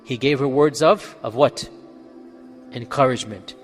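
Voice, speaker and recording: A man's voice: medium pitch, a little slow, big-room sound, soft background music. A man giving an Islamic religious lecture in answer to questions. He speaks emphatically, asks rhetorical questions and answers them himself, and checks in with his listeners. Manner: checks in with the audience with "Okay?". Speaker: Islamic scholar.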